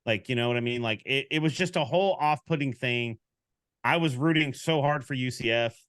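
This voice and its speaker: A man's voice: medium pitch, a little fast, no room sound. Sports podcast guy rambling through a story, acting out the other people, dry close sound. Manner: animated storyteller, acts out quoted exchanges. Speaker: podcast co-host. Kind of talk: casual sports chat.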